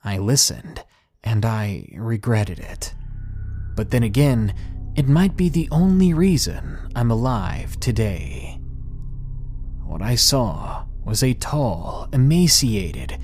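A man narrating a first-person horror story in a dramatic, scripted storytelling manner, slowing down on tense phrases. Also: mid-range voice. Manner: lively, dramatic storytelling with slowed emphatic phrases.

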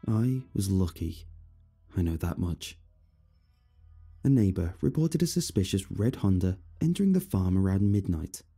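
A man narrating a first-person horror story in a steady, somber manner. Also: deep voice, vocal fry, breathy edge.

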